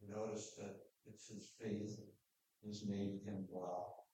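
A man's voice: mid-range voice, fairly even intonation, unhurried, mellow, recorded from a distance. Male pastor, casual verse-by-verse preaching, off-mic in a very live, echoey room. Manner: conversational, plainspoken, reads scripture aloud then explains. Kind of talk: verse-by-verse sermon.

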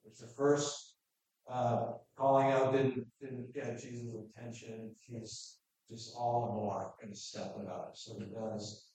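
A man's voice: mid-range voice, little pitch movement, a little slow, darkish tone. A man preaching a verse-by-verse sermon, reading scripture aloud and then explaining it in a plain, conversational way. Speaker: pastor. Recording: echoey room, voice from a distance.

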